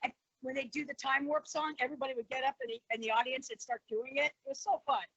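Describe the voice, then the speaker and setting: A woman in her sixties, a guest in a casual interview, who tells stories with animated delivery and acts out the voices of the people in them. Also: high-pitched, fast, vocal fry, husky, dry recording, muffled recording. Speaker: guest, former wrestler and actress.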